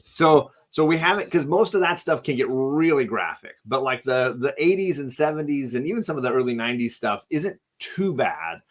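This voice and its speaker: Brief: male livestream host, mid pitch, casual and rambling, shouts out donors. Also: expressive, moderate pace. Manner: rambling, many fillers, thanks donors by name.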